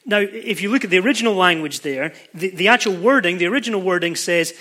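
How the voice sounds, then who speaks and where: Brief: male preacher giving a sermon, high voice, emphatic delivery. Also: expressive, pushed and bright. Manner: emphatic, with pace slowing and speeding for stress.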